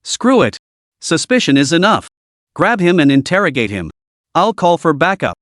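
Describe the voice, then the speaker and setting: A man's voice: a little high, very animated, normal speed, a bit bright, no echo. Give me a man playing a brusque, impatient gang boss, dry close sound.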